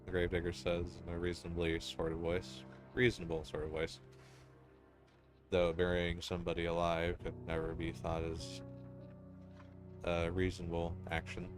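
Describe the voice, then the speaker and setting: Deep-voiced man reading a dark story. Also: flat delivery. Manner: solemn, ominous and deliberate. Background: music.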